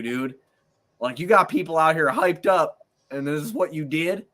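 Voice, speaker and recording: A man's voice: on the high side, expressive, moderate pace, fairly bright tone. A man hosting a casual sports podcast, ranting angrily and swearing constantly. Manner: profane, angry ranting. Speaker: podcast host.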